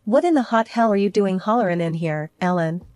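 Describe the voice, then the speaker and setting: A woman voicing a gruff, blunt rural neighbor man. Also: medium pitch, lively intonation, fairly quick, darkish tone, natural voice.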